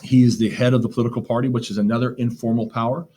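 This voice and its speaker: In a recorded class lecture on government notes, a man teaches conversationally, packing in fillers and side remarks. His medium-pitched, dark voice is flat and very fast, with slight background noise.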